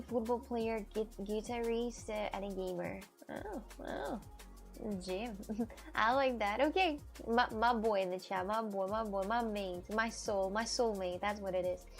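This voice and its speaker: Chatty woman streamer with a gravelly edge. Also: on the high side. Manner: chatty and playful, laughs often, greets viewers warmly. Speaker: live streamer. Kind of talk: casual livestream chat, reading viewer messages aloud. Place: at home.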